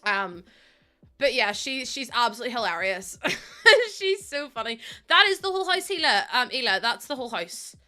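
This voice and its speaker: A woman's voice: fairly high pitch, sing-song, moderate pace, sharp tone, faint music behind. A woman streaming live, chatting casually with her viewers, greeting them and laughing often.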